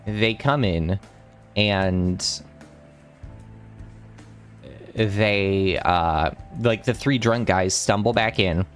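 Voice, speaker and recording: A young man streaming, telling an anecdote in casual chat with a rambling, animated delivery. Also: on the low side, slow pace, soft background music. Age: young adult. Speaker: streamer host.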